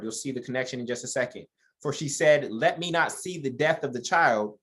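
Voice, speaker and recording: A man's voice: mid-range voice, a bit bright. A man leading an informal Bible study who reads verses aloud and comments on them in a joking, conversational way, addressing listeners as y'all.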